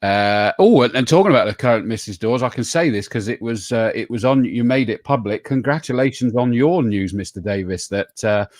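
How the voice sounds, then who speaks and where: A man's voice: medium pitch, animated, brisk, few pauses, a little mellow, no room sound, clean studio sound. A man hosting a live online show, greeting viewers by name and joking with his co-host. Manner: jokey, greets viewers by name, laughs often. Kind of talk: casual live show chat.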